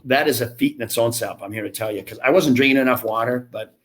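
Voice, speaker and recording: Talking quickly in a medium-pitched, slightly bright voice, a fifty-something man who started a gym franchise shares blunt, self-mocking stories as a guest on a casual podcast.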